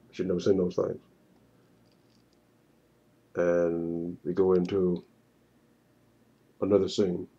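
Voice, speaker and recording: A man narrating a walkthrough of his own screenplay storyboard, halting and often repeating words. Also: deep voice, mellow, slightly rough, highs cut off. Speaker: writer pitching his screenplay.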